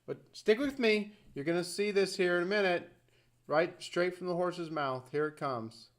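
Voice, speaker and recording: High-voiced man rambling to camera. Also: moderate pace, a bit bright. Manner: rambling, conversational, fond of asides. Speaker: video host. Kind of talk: casual commentary to camera.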